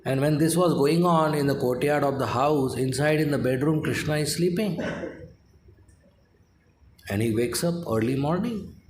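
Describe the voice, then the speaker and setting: A man's voice: medium pitch, slight background noise. A man with an Indian English accent giving a devotional lecture, telling a story and acting out the characters' words. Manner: animated storyteller, acts out the child's complaints. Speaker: spiritual lecturer. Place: temple hall. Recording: roomy hall with faint ambience.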